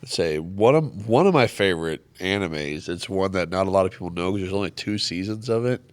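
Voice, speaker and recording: A man with a very low, smooth and resonant voice talks loosely on a podcast. He rambles in an easygoing way and laughs often. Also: animated, a little fast. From Kansas. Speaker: podcast co-host. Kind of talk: casual chat.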